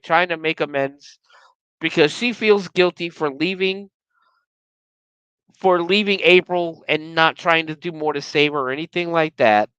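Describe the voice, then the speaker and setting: Podcast host, casual movie recap, profane and ranting, sharp forceful tone, dry close recording. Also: medium pitch, a little slow, smooth, dry recording.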